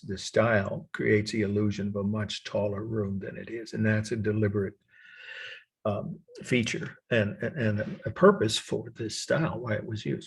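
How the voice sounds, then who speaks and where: A man's voice: medium pitch, gravelly, darkish tone, breathy edge. An older man teaching an art history class, in a rambling, digressive way with frequent chuckles. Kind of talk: recorded college lecture.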